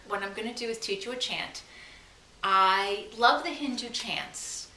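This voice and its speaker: An enthusiastic woman with a Long Island accent leads a guided meditation lesson, her voice bright and forward. She is recorded in an echoey room at home with a faint hiss behind her. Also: mid-range voice, distant mic. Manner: enthusiastic, chants slowly at times. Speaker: psychic teacher.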